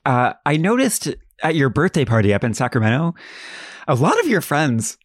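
A man's voice: fairly high pitch, big pitch swings, moderate pace, no echo. Man, podcast co-host, casual chat, understated, dry close recording.

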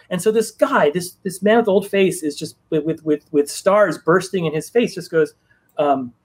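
A man, a comic book writer, telling a long anecdote in a casual chat, with lots of restarts and fillers. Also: fairly high pitch. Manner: rambling, many restarts and fillers. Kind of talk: casual storytelling on a live stream.

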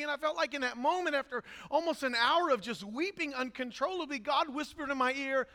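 A man preaching a sermon as a pastor, blunt and intense, building to shouts. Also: extremely high pitch, fairly quick, hardly any pauses. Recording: long hall reverb.

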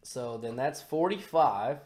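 A man co-hosting a casual political podcast, crude and excitable, swearing freely. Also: medium pitch, takes it slowly. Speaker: podcast co-host.

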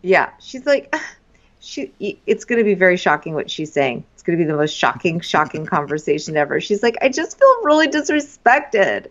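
A woman co-hosting a podcast, recapping a reality show in casual, expressive chat. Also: deep voice, fairly quick. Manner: expressive, mimics people, giggly. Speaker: podcast co-host. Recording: dull lo-fi recording.

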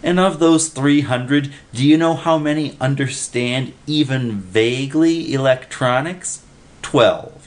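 A man's voice: medium pitch, takes it slowly, voice pushed up, close to an everyday voice. A man voicing an exasperated male official in a storybook reading. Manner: exasperated, emphatic.

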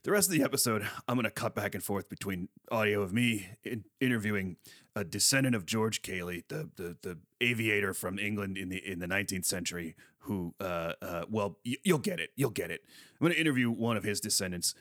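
A man with a very low, bright voice hosts a comic podcast. He hesitates constantly, filling gaps with "uh" and restarting his sentences. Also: a little fast, dry recording, studio quality. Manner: hesitant, full of "uh", awkward. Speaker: podcast host.

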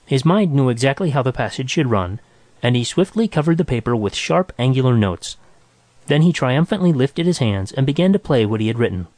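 A man reads a short story aloud in a steady, measured voice. The sound is close and dry, with no room around it. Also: mid-range voice, dry recording. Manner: even, measured reading. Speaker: narrator. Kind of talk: scripted story narration.

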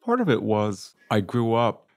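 An older American man, a classicist and military historian, is a guest in a conversational interview, reflectively recounting stories about his family and war and quoting relatives in their own voices. His fairly low voice is very animated and a little slow, captured clean in the studio with no room sound.

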